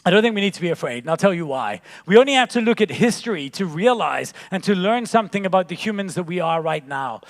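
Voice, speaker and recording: High-voiced man giving a jokey keynote. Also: fast, few pauses. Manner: jokey, animated storytelling with punchlines. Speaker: keynote speaker. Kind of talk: conference keynote talk. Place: large conference hall. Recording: long reverb of a large hall.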